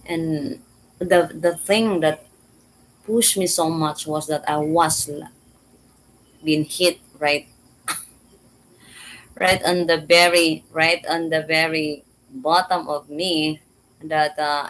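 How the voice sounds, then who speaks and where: A woman casually telling a personal story in halting, repetitive English. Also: low-pitched, fairly even intonation, fairly bright tone, a little hiss or hum, rough recording. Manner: halting, repeats words, simple learner English.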